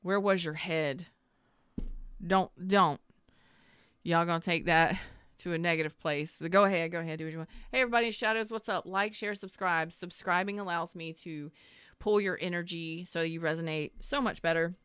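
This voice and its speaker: A woman's voice: fairly low pitch, fairly even intonation, normal speed, a bit bright, clear, resonant tone, dry recording, clean studio sound. A woman doing a casual tarot reading to camera, blunt and sassy, acting out what the listener might be thinking. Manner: blunt, sassy, emphatic, acts out the listener's inner voice. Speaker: tarot reader.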